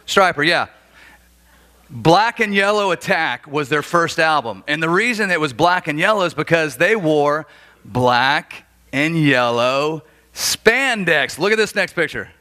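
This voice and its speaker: A man in his forties from Florida, preaching a sermon as a pastor and telling stories with animated, acted-out dialogue. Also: sits high. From Florida, USA. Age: 40s. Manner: animated storytelling, acts out dialogue. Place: church.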